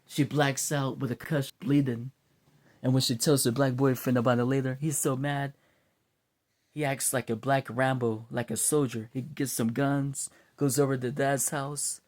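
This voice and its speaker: A man telling a story in a loose, casual way. He stays animated and acts out each scene as he goes, in a mid-pitched voice. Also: measured pace. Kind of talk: casual spoken story retelling.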